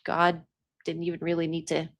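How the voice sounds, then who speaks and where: A young adult woman speaking in a slightly low voice, talking casually as a psychic medium. She is chatty and laughs often. Now and then she drops into a whisper as she tells a story. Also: monotone, normal speed. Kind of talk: casual spiritual talk.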